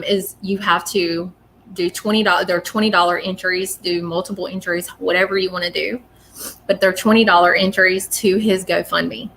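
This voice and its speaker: Emotional, bright-voiced woman live-streaming. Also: mid-range voice, slight background noise. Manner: emotional, apologetic, rambling. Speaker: psychic reader on a live stream. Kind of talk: casual live-stream talk.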